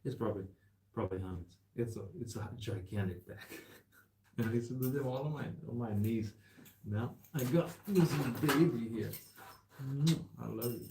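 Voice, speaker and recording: A man's voice: medium pitch, normal speed, a little mellow, slight background noise. A young man, chatting casually while repairing a bike in his shop, rambling and calling the listener man and bro. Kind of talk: casual chat while working.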